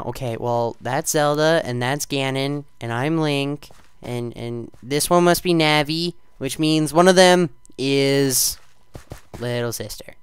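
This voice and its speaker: A teenage boy casually commentating his own gameplay, rambling and self-deprecating, with sudden loud outbursts. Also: medium pitch, takes it slowly, smooth, no echo. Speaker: gaming channel host.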